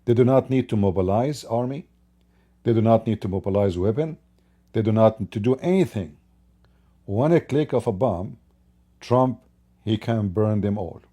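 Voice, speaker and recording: Male host, solo commentary into his own mic, low and mellow, insistent and repetitive. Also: normal speed, long pauses. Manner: emphatic, builds repetitive lists. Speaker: channel host commenting on politics. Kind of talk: unscripted commentary monologue. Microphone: own microphone.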